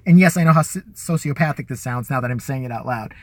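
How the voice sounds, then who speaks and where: A man from the Chicago area hosts a live show, speaking fast in a mid-range voice with no room sound. His casual, profane storytelling covers crude, rambling tales of his school days, and he laughs often.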